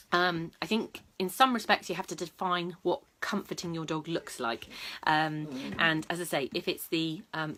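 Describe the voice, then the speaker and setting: A woman's voice: low-pitched, pushed and bright. A woman talking casually to camera as a dog trainer, chatty and matter-of-fact, with lots of ums and restarts. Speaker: dog trainer and vlog host. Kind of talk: casual advice talk to camera.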